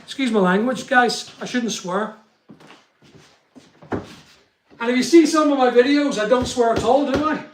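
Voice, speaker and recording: Greeting viewers by name, a middle-aged man with a very high, slightly bright voice chats casually on a live stream. He's broadcasting from a studio room being built, which gives the recording an echoey, unfinished sound.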